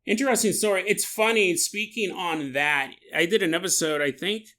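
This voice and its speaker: A man hosting a solo podcast who is sick with a sore, dry throat. He muses aloud in an animated, joking way and often breaks into laughter. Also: high voice, moderate pace. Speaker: podcast host.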